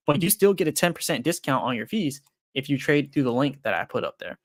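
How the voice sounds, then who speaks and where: A man's voice: medium pitch, sing-song, fairly quick, no echo, clean studio sound. A young man hosting a casual crypto trading livestream, thinking aloud in a loose, rambling way with lots of fillers, frank and self-deprecating as he reads viewer comments.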